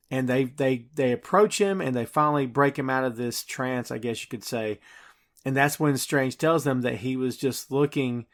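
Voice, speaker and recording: A man hosting a podcast and recapping a film scene by scene in casual, enthusiastic chat full of fillers. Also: medium pitch. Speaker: podcast host.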